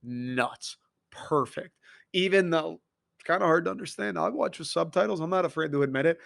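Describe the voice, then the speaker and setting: An American man hosts a podcast solo, talking in an excitable, swearing, animated rant. His voice sits somewhat high for a man, and his energy jumps around as he gets worked up. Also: moderate pace, vocal fry. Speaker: podcast host.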